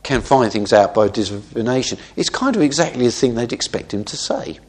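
A male preacher explains a scripture passage in a relaxed, conversational manner, checking in with his listeners through frequent rhetorical tag questions. His voice sits at a middling pitch, and his talk is thoughtful and unhurried, with small restarts as he thinks aloud. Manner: thoughtful with small self-corrections. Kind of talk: expository Bible teaching.

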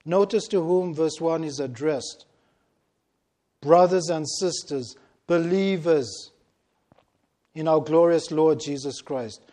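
Slow, deliberate male preacher. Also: a little high, mellow. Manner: slow, deliberate and emphatic, stressing key words with long pauses. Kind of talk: sermon.

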